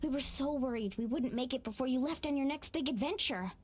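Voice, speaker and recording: A woman voicing a cheerful, energetic young woman in a game, chatty and enthusiastic. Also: high-pitched, brisk, slight background noise, lightly acted. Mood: cheery. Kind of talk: game voice acting. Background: game music.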